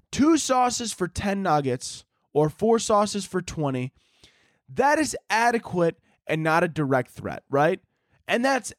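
A man hosting a podcast, telling a rambling, sarcastic rant full of dark humor and exaggeration, with frequent self-interruptions. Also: fairly high pitch, no echo, studio quality. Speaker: podcast host.

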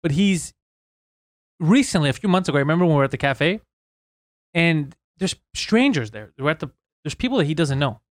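A man talks quickly and with energy in a loose podcast chat, telling stories and slipping into the voices of the people in them. His voice sits a little high for a man, and the recording is close and dry with no room sound. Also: dry recording. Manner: fast, animated storytelling with acted-out quotes and swearing. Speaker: comedian and podcast host. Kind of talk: casual chat.

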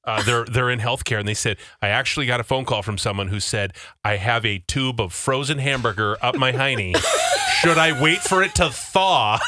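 A man's voice: mid-range voice, normal speed, sharp tone. A man co-hosting a podcast in casual chat, blunt and teasing. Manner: blunt, teasing, matter-of-fact. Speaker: podcast co-host.

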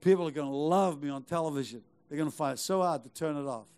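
A man's voice: a little high, fast talker, a little mellow, clean tone, faint music behind. A middle-aged male pastor preaching a sermon, urging the congregation on with rhetorical questions and repeated phrases. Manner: emphatic, exhorting with rhetorical questions and repetition.

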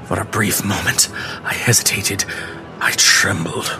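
Slow, theatrical male horror narrator. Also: fairly low pitch, fairly even intonation, loud music behind the voice. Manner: slow, theatrical, dropping to hushed whispers for dread. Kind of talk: dramatic reading of a classic horror story.

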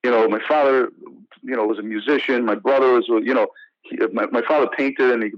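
An American actor being interviewed, telling stories in a casual, animated way with many restarts and "you know" fillers. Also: male voice, medium pitch, brisk, dry recording, lo-fi sound. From United States. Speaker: actor guest.

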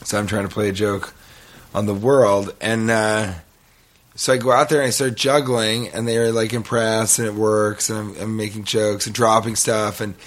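A man's voice: on the low side, normal speed. Rambling man telling a story. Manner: rambling, animated storytelling with laughs. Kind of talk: casual podcast chat.

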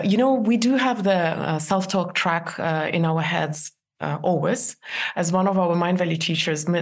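Gravelly-voiced woman giving earnest advice. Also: on the low side. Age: 40s. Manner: earnest, laughs often, many restarts. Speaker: guest. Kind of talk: interview conversation.

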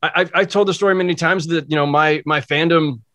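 A man's voice: fairly high pitch, fairly even intonation, fairly quick, pushed and bright. A man who is a guest sportswriter on a podcast, speaking in casual chat in a reflective, heartfelt way.

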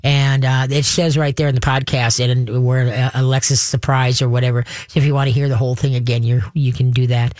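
A woman's voice: rumbling low, flat delivery, a little fast, hardly any pauses, a little mellow, no echo, studio quality. Folksy, chatty woman radio host. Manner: folksy and chatty, with lots of fillers and homey sound effects. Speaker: radio call-in show host. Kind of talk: casual call-in radio talk.

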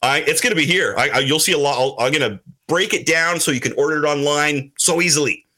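A man chatting casually on a podcast as a regular, animated and slipping into put-on voices when he quotes people. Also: on the high side, fast talker. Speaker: show regular, comic publisher.

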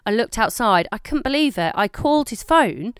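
A woman's voice: normal speed, smooth, no echo, clean studio sound. A woman in her thirties, co-hosting a casual chat podcast and telling stories animatedly, acting out quoted lines. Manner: animated storytelling, acting out quotes with big pitch jumps. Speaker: podcast co-host.

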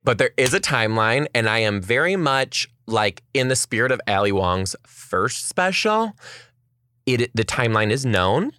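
A woman's voice: a bass voice, moderate pace, dry recording, studio quality. A young woman podcast host telling a story in casual chat, acting out what people said and swearing freely. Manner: animated storytelling, acts out quotes, swears.

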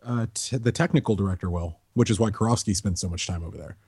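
A man's voice: on the low side, quick pace, a little mellow, husky, no room sound, clean studio sound. A man co-hosting a casual soccer podcast, rambling into joking side stories before getting back to team talk. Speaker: podcast co-host.

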